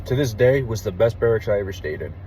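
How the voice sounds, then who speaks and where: A young man, an army veteran, tells a story in a low, mellow voice, candid and full of casual swearing. He lowers to a near hush when the story turns tense. Faint traffic noise from outside sits under his voice. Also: lively intonation, quick pace, poor audio. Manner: candid, profane, drops to a hush for tense moments.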